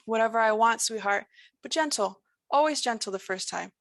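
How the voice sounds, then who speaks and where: A woman gives voice to a menacing male entity who drawls in lilting, sing-song spirals. His folksy, rambling lines carry a gravelly edge. The sound is dry and close. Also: on the high side, moderate pace, no echo.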